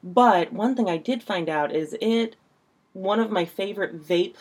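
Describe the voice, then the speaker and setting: A woman's voice: medium pitch, unhurried, husky. A woman co-hosting a casual podcast, laid-back and teasing, stretching out her words. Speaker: podcast co-host. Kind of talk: casual chat.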